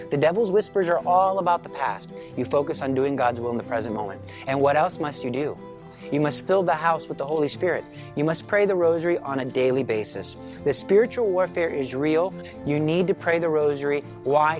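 A man giving a spiritual teaching talk, speaking in a firm, emphatic prayer cadence. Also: a little high. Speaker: Catholic teacher.

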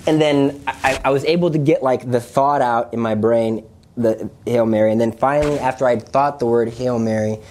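A young man earnestly recounting a personal religious testimony, confessional and animated, often restarting his sentences. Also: normal speed. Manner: earnest, confessional, with many restarts and pitch jumps. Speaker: speaker sharing his testimony.

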